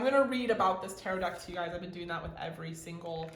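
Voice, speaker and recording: A woman giving a casual pick-a-card tarot reading, gushing excitedly and swearing casually as she pulls cards. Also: fairly low pitch, quick pace, hardly any pauses. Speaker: tarot reader. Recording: roomy echo with faint ambient noise.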